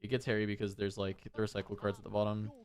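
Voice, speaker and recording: Lower-voiced laid-back male caster. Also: monotone, quick pace. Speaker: tournament commentator. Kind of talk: live card game commentary.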